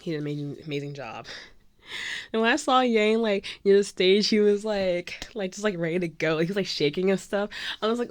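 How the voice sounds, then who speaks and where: Gushing young woman, slightly low voice. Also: moderate pace, no room sound. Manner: gushing and excitable, heavy filler "like", jumps into high squeals and drops to whispers. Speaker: vlogger. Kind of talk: casual excited storytelling.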